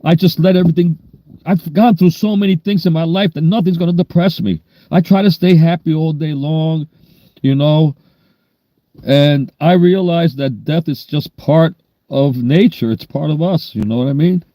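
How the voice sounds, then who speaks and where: Older New York man, mellow voice. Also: on the high side, moderate pace, dry recording. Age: 60s. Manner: rambling, down-to-earth storytelling. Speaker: livestream host. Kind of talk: casual livestream chat.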